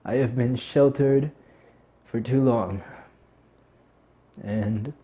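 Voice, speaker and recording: A teary man on the verge of crying, speaking straight to the camera in an emotional, halting voice with a middling pitch. The audio is a bit dull and lo-fi. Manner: emotional and halting, breaking into nervous laughs. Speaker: vlogger. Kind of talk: heartfelt talk to camera.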